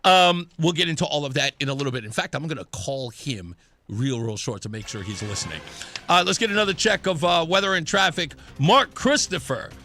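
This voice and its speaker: Animated bright-voiced male radio host. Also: fairly quick. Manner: animated, joking, drops into low mock voices. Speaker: radio talk show host. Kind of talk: casual talk radio banter. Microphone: studio microphone.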